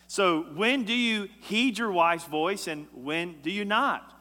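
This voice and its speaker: A man preaching a sermon as a pastor, emphatic and swinging between loud and hushed lines. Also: high-pitched, takes it slowly. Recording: echoey hall.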